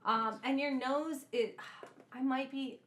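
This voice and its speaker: A woman chatting casually on a podcast, playful and quick with asides, laughing often. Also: high voice, steady tone, fairly bright tone. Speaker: podcast guest. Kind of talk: casual chat.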